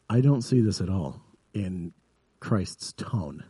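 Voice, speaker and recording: A man preaching a sermon in an earnest way, building up to vivid emphasis and then dropping soft. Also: deep voice, lively intonation, takes it slowly, slightly rough, no room sound. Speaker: pastor.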